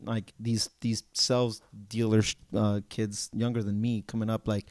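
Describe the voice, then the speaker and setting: A man's voice: on the low side, unhurried, few pauses, no room sound, studio quality. A man co-hosting a podcast, chatting casually and acting out the other people in his stories. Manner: animated storyteller, acts out dealer dialogue. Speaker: podcast co-host. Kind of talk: casual chat.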